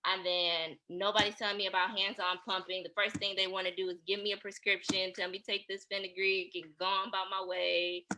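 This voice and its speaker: A woman's voice: medium pitch, little pitch movement, fairly quick, few pauses, bright, forceful tone, slight background noise, low-quality recording. A woman co-hosting a podcast, earnestly recounting a hard personal experience in casual chat. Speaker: podcast co-host.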